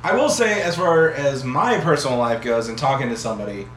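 A man's voice: mid-range voice, lively intonation, a little fast. A young man co-hosting and editing a podcast, chatting in a teasing, joking way. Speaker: podcast co-host and editor. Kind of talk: casual chat. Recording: roomy room with audible hum.

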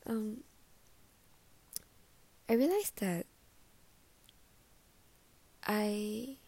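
A young woman musing in a soft, often half-whispered way, sharing personal reflections in a casual vlog. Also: mid-range voice, animated, extremely slow, no room sound. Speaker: vlogger.

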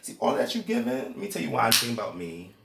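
A loud, profane man rambles and taunts in a wildly swinging voice that leaps all over the scale. He is heard in an echoey hotel room. A steady noise sits behind him. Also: mid-range voice, quick pace, vocal fry, far from the mic. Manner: loud, rambling, profane, erratic, breaks into sing-song. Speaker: unwanted guest in a hotel room. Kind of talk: heated argument.

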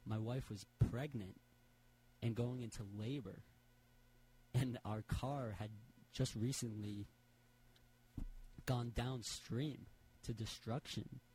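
A man's voice: mid-range voice, fairly even intonation, takes it slowly, pauses often, warm tone, a little hiss or hum, natural voice, poor audio. A man voicing a downtrodden male moth who rambles and stammers through his troubles. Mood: woeful.

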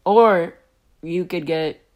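A man's voice: high voice, slow, highs cut off. A young man hosting a podcast, telling a rambling story with frequent giggles and tangents. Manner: giggly, digressive, self-interrupting. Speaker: podcast host.

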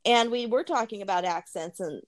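A woman's voice: mid-range voice, fairly quick. A woman co-hosting a podcast in casual chat, laughing often and repeating words as she talks. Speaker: podcast co-host.

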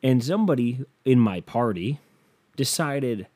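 A man's voice: medium pitch, animated, measured pace, warm tone. A young man ranting to camera in a casual comedic monologue, swearing freely and acting out the people he quotes. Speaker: comedic vlogger.

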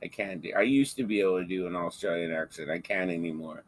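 Man, fairly low voice, crude jokes, casual podcast banter. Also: lively intonation, fast, few pauses. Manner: joking, crude, playful banter. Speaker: podcast co-host. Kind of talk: casual chat.

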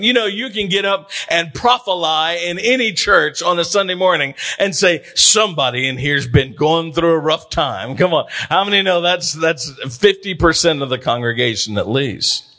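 Guy preaching in church, voice a bit high, leans hard on words and stretches them out, keeps saying come on. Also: sharp tone. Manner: emphatic, repetitive calls with drawn-out words for stress; frequent interjections of "come on" and "hallelujah". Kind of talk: sermon. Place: church sanctuary.

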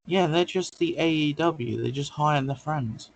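A man co-hosting a casual football podcast, teasing his partner with short, quick interjections. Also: a little high, gravelly, low-quality recording. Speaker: podcast co-host.

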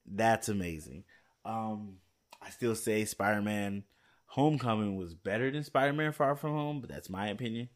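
Man, low-pitched voice, casual vlog chat, rambling, many fillers, a little tired. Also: moderate pace. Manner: rambling, thinks aloud with many fillers and restarts. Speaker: movie news vlogger.

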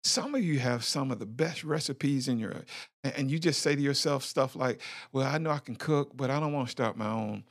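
A middle-aged man with a gravelly, creaky voice tells his life story like a motivational preacher, candid and full of repeats. His pitch sits in the middle, and the recording is dry and close with no room sound. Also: brisk, no room sound. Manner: candid, preacher-like, lots of fillers and repeats, calls listener "man". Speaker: podcast host. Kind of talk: personal testimony, motivational talk.

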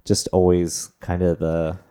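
Deep mellow guy rambling on a podcast, lots of likes and ums, kinda wry. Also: flat delivery, measured pace, smooth. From Texas. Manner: wry, rambling, many fillers. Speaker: podcast co-host. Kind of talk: casual chat.

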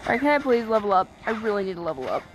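A woman giving casual let's-play commentary, excitable and chatty, swearing and joking at the game's characters. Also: medium pitch, very fast, a little hiss or hum, low-quality recording. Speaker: gaming streamer. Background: game music.

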